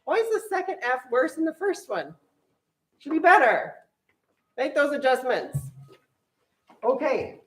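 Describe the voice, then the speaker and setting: A young woman orchestra teacher directing a string rehearsal, briskly counting off and coaching her players. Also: high-pitched, very animated, far from the mic, noisy background. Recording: echoey room, voice from afar, strings playing.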